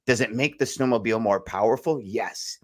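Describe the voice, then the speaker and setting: A man's voice: lowish voice, a little fast. A man co-hosting a podcast, talking in a loose, rambling way and calling his co-host "brother". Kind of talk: casual podcast chat.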